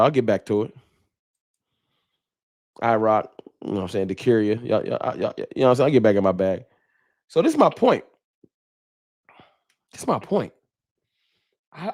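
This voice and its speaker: A man hosting a fan livestream, talking trash in a preachy, animated way and reading viewer chats aloud. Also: mid-range voice. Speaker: sports fan show host.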